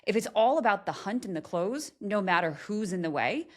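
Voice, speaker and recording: A woman hosting a podcast interview, energetic and chatty, often tagging her points with "right?". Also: mid-range voice, brisk. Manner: energetic, frequent "right?" tags, laughs often. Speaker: podcast host.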